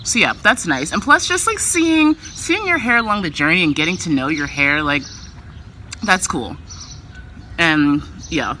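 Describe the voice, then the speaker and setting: A woman vlogger chats in a casual, loose way packed with filler words. Her lowish voice is sing-song and sharp-toned, delivered at a measured pace, with a little hiss or hum on the recording.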